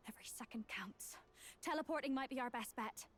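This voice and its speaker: A blunt young warrior woman from a fantasy game, voiced by an actress, giving firm orders in a high, clear voice. She sounds commanding and impatient. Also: a little fast, slight background noise, natural voice.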